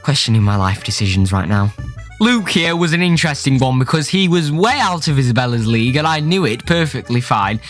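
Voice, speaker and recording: A man's voice: medium pitch, expressive, fairly bright tone. A young man reading out dating-app chats in a jokey, sweary comic commentary. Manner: jokey, swearing, quick shifts into mock voices. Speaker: YouTuber. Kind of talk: comedic commentary reading chat messages. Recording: faint music behind.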